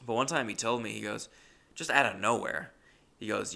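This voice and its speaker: A young man tells rambling comic stories, often breaking off mid-sentence and swearing casually. His voice is gravelly, with a bright, forward edge. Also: mid-range voice, fairly quick. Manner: rambling, swearing, self-interrupting. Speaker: comedian.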